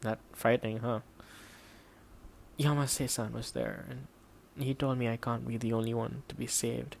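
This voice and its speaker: A man reading an audiobook in a steady, measured way, voicing the dialogue quietly. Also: mid-range voice, gravelly, slight background noise. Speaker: audiobook narrator. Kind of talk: scripted audiobook narration.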